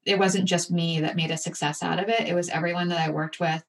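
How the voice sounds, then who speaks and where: A woman guest in an interview, telling a personal story candidly and with animated, acted-out asides. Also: fairly low pitch, fast, distant mic. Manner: candid, animated retelling with acted-out inner voices.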